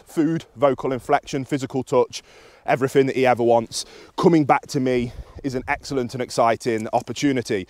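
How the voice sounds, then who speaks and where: A British man with an everyday middle pitch talks through dog training in a calm, instructive way. His voice is dry and close, with little room sound around it. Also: a little fast, dry recording. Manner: calm and instructive, with high excited praise to the dog. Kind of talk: explaining to camera while training outdoors.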